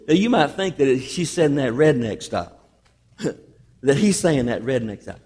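A male pastor preaching a sermon, with emphatic delivery that swings between loud stresses and hushed, drawn-out phrases. He often addresses the congregation as beloved. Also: fairly high pitch, huge pitch swings, breathy edge, big-room sound.

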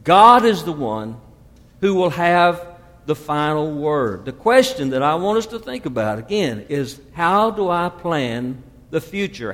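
A man in his fifties preaching a sermon, sweeping from loud emphasis to hushed asides. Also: a little high, in a large hall. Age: 50s. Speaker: pastor.

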